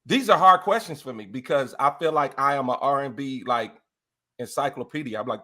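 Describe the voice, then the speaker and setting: A man's voice: medium pitch, brisk. A man talking casually as a guest, laughing often and singing bits of songs. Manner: animated, laughs often, sings snippets of songs. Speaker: interview guest, R&B enthusiast. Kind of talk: casual chat.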